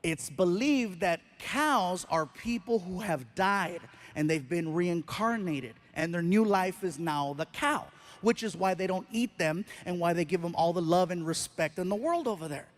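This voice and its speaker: A man doing stand-up before a live audience, telling an animated story and acting out the scenes. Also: high voice, unhurried, few pauses. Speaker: stand-up comedian. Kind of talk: stand-up routine.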